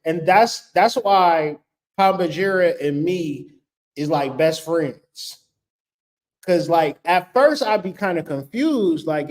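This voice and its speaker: A man's voice: sits high, slow pace. A man giving blunt, profane, joking spiritual relationship advice in a casual talk. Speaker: spiritual vlogger.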